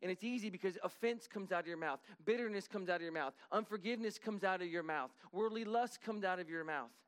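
A middle-aged man preaching a sermon as pastor, talking animatedly and rising to emphatic high points. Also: quick pace, a bit bright, smooth.

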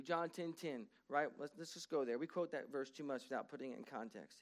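A man preaching a sermon as pastor of his church. He drawls the scripture readings with emphasis and drops into quick asides to the congregation. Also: medium pitch.

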